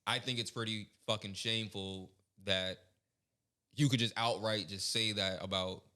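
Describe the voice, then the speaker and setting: Blunt, profane young man with a bright edge. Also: fairly low pitch, fairly even intonation, moderate pace. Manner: blunt, profane, heated ranting. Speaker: podcast co-host. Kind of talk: casual podcast chat.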